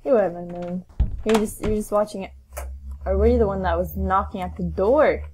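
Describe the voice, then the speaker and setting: A woman's voice: medium pitch, normal speed, a little mellow, a little hiss or hum, rough recording. A woman hosting a let's play of a horror game, talking to herself in a jumpy, nervous way and crying out often. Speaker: gaming channel host.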